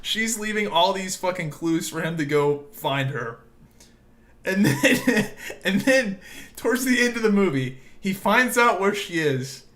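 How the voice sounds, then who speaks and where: A man's voice: high-pitched, animated, measured pace, fairly bright tone. A young man hosting a podcast, telling a story in casual chat with frequent laughter and swearing. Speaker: podcast host.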